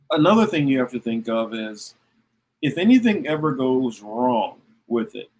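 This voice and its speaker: A man's voice: mid-range voice, a little hiss or hum, low-quality recording. A man hosting a casual political talk show, thinking aloud and restarting his sentences as he goes. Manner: animated, repeats and restarts himself. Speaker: podcast host.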